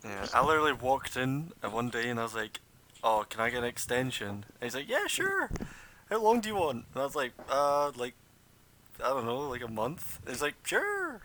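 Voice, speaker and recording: A young Scottish man chatting casually with friends, telling jokey, animated stories. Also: medium pitch, fairly quick, a little hiss or hum. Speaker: tabletop game player. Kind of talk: casual chat.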